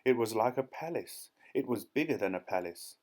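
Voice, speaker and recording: Male reader, mid-pitched, steady children's audiobook narration. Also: normal speed.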